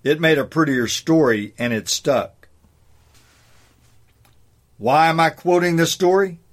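A man reads his own essay commentary aloud, measured and deliberate, slowing down to stress his points. His voice sits on the high side with lively intonation.

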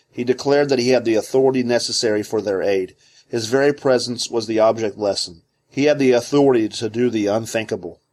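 A man with a mid-range voice reads aloud from a theology book. His narration is scripted, measured and deliberate, giving each clause its weight. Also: medium pitch, a little mellow.

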